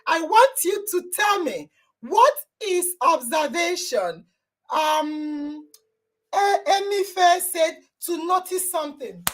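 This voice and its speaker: A woman hosting a live online talk show over a video call, exclaiming and praising loudly as she quizzes her listeners. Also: very high voice, lively intonation, slow. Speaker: podcast host.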